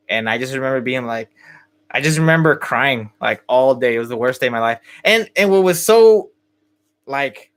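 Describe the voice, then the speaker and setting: A man's voice: mid-range voice, a bit bright. A young man hosting a podcast, telling a story in casual chat with many fillers and restarts. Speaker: podcast host.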